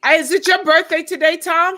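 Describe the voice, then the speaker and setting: A woman's voice: very high voice, fairly even intonation, moderate pace, bright, forceful tone. A tired woman co-hosting a live online talk show, chatting casually and rambling while she waits for her co-host. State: tired from exhaustion. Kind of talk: casual live-stream chat.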